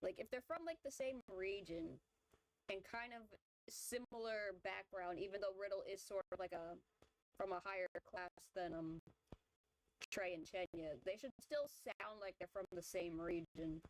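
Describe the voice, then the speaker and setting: A woman's voice: medium pitch, moderate pace, poor audio. Chatty woman rambling her opinions. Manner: rambling, filler-heavy opinion talk. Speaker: vtuber streamer. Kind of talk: casual chat while drawing.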